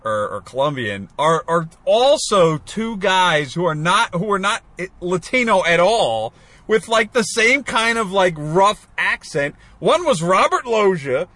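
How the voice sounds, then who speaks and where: A man's voice: sits high, big pitch swings, measured pace, pushed and bright, no echo. A man in casual chat, rambling about old movies and acting out lines.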